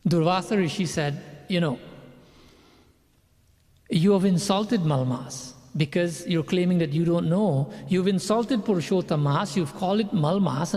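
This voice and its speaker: A man with a high voice tells a sermon story, slipping into the characters' lines as he goes. His voice carries a long reverb from the room. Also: darkish tone. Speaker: pandit giving a sermon.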